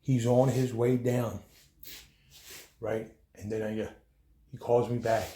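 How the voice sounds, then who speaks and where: A man's voice: medium pitch, little pitch movement, takes it slowly, warm tone, echoey room, a little hiss or hum. A man giving an agitated, profane, rambling account as a bereaved son, with many restarts. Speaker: bereaved son telling his story. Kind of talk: heated first-person account.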